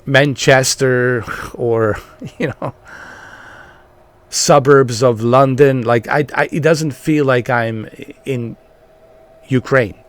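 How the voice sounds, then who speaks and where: A man giving casual, rambling gameplay commentary as a channel host, repeating himself and filling pauses with ums and uhs. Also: mid-range voice, steady tone, smooth.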